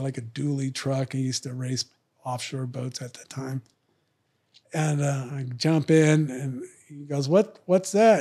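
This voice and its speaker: Animated storytelling man, fairly high voice. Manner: animated, acts out other people's lines in raised voices. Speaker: podcast guest, retired fighter. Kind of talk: storytelling in casual chat.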